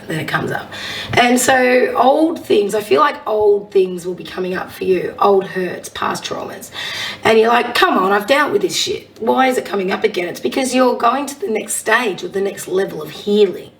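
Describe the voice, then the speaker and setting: A woman with a husky voice, a psychic medium giving a casual oracle card reading and reading affirmations aloud. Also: medium pitch, recorded from a distance, low-quality recording. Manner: chatty, warm-hearted encouragement, reads affirmations aloud.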